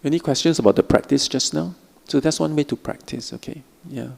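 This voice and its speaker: A middle-aged man teaching a Buddhist meditation talk in a gentle, repetitive, reassuring way. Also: fairly high pitch, a little fast, creaky. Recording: long hall reverb.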